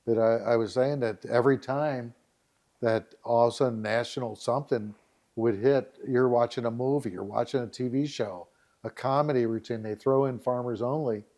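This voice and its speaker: A middle-aged man, a guest on a podcast, telling stories in a lively, animated way and acting out scenes as he goes. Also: medium pitch, normal speed. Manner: animated storyteller, acts out scenes. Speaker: dating site founder, guest. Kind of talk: storytelling in a podcast interview.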